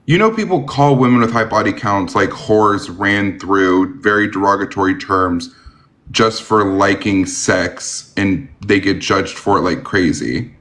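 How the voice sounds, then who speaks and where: A man's voice: fairly low pitch, unhurried, a bit bright. A man hosting a live-streamed debate, talking bluntly with a sarcastic, argumentative edge.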